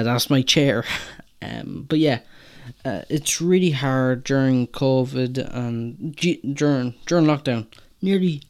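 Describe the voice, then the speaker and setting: A young man hosts a podcast alone. He talks in a rambling, self-conscious way and keeps stopping to restart his sentences. His voice sits at an ordinary pitch for a man. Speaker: podcast host. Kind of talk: solo podcast monologue.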